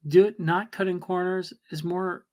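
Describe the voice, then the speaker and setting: A man's voice: sits high, level tone, moderate pace. A man co-hosting a podcast, reflecting aloud in a casual, thoughtful way. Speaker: podcast co-host. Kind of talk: casual conversation.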